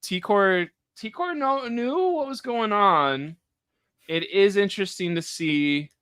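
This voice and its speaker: A man's voice: high voice, takes it slowly, fairly bright tone, clean tone, no room sound. A man co-hosting a reality TV recap livestream, chatting casually and mimicking people as he retells scenes. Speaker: co-host of a reality TV recap show.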